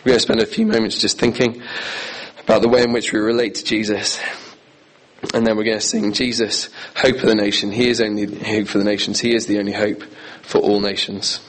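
A man's voice: fairly low pitch, little pitch movement, brisk, rough recording. A man preaching a sermon in an earnest, emphatic way, repeating key phrases.

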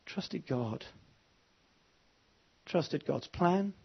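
A man's voice: on the high side, animated, extremely slow, gravelly, breathy edge, dull audio. A man preaching an evening sermon, emphatic and repeating his words, with frequent fillers. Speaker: pastor.

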